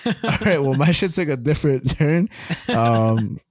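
A man's voice: fairly high pitch, lively intonation, unhurried, a little mellow, dry recording, studio quality. A young man co-hosting a podcast, laid-back and profane, laughing often as he tells a story and banters. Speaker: podcast co-host. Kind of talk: casual podcast chat, reading a comic story.

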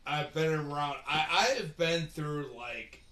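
A man's voice: fairly high pitch, a little slow, pushed and bright, echoey room. A man in his thirties on a podcast, speaking hesitantly and trailing off. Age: 30s. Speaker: podcast guest. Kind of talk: casual podcast chat.

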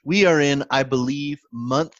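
A pastor co-hosting a podcast tells a story in casual, animated chat, laughing often and restarting himself a lot. His mid-range voice is unhurried, and the recording is dry with no room sound, slightly muffled.

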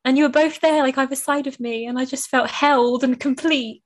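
Gushing and emotional, this young podcast host chats casually and leans heavily on "like." She speaks at a measured pace in a high-pitched voice with fairly even intonation.

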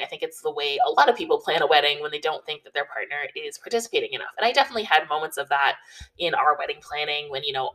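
Brief: woman, low voice, casual advice vlogger, chatty and filler-heavy, mic a bit distant. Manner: chatty and relaxed, with many fillers like "you know" and "like". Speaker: wedding planning advice vlogger. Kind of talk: casual advice talk to camera.

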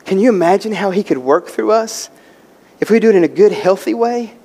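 A man with a high voice preaches in a church sanctuary, building passion and repeating his words. He keeps asking rhetorical questions. His voice rings with the long reverb of a large hall. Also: animated, fairly quick, a little mellow. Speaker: pastor. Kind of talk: sermon.

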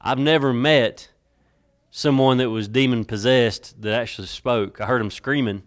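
Man preaching, church sanctuary, worn mic, dramatic, drawn-out emphasis, repeats words. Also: mid-range voice, fairly even intonation. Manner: repeats words and restarts while building a point. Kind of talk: sermon.

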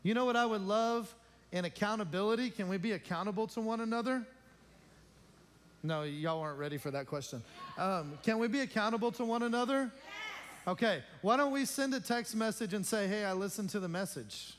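A man's voice: high-pitched, a little fast. A male pastor making informal announcements to his congregation in a church, joking and chatty and often asking the room questions. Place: church sanctuary.

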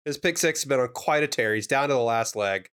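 A man's voice: medium pitch, brisk, fairly bright tone, smooth. A man co-hosting a podcast, recapping episodes with dry humor and puns. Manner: dry, wry wordplay and explanations. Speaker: podcast co-host. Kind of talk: casual recap chat.

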